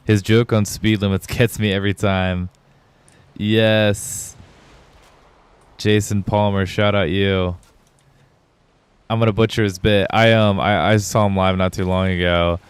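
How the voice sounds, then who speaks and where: A man's voice: on the low side, flat delivery, unhurried, long pauses, clean tone, dry recording. A young man streaming a video game live, chatting loosely with viewers, rambling and swearing freely. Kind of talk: casual gaming livestream chat.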